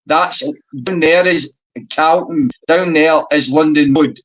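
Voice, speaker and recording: A man with a Glaswegian accent, arguing in loud, sweary banter on a livestream. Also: a little high, slow pace, dull audio. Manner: argumentative, sweary, excitable. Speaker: livestream guest. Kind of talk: heated banter.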